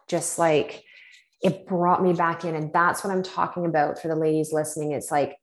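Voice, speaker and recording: A woman's voice: low-pitched, little pitch movement, moderate pace, reverberant. A woman telling a personal story in casual chat, with many fillers, acting out her own reactions. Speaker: podcast guest.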